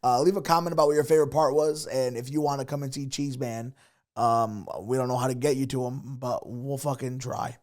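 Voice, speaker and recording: A man's voice: medium pitch, steady tone, fairly quick. A young man co-hosting a comedy podcast, reacting casually and reading the show's sign-off. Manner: short stunned reactions, swearing. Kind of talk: casual chat with reactions and show outro.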